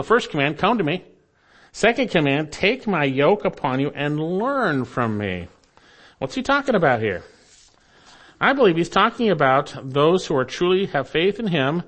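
A man preaching a sermon as pastor, earnest and deliberate, slowing down and dropping softer at the ends of phrases for emphasis. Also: mid-range voice.

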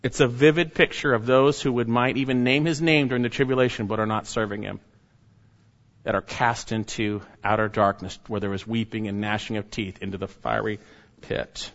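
A man preaching a sermon, reading scripture and pressing his listeners with emphatic, urgent rises and hushed drops. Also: fairly low pitch, fairly even intonation, moderate pace. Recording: dull sound, long reverb of a church hall.

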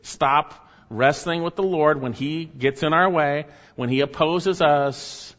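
A man preaching a sermon, asking rhetorical questions and repeating key phrases, his voice swinging from high and loud to low and quiet. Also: takes it slowly. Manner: repeats key phrases, rhetorical questions, rises and drops sharply in pitch and volume. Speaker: pastor. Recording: dull sound in a hall with long echo.

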